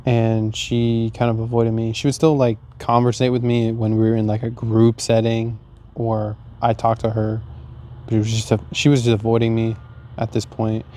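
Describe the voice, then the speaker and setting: Young guy ranting bout his love life, swears nonstop, mid-pitched, acts out the voices in his head. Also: normal speed. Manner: profane, animated, acts out his own inner dialogue; laughs and jokes while sad. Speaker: vlogger. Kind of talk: casual storytelling.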